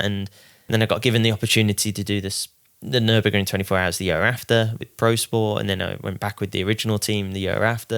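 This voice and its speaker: A man, a racing driver guest on a podcast, telling casual stories in a lively way, often acting out what other people said. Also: lowish voice, smooth. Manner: lively, quotes others mid-story. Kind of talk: casual anecdotal storytelling.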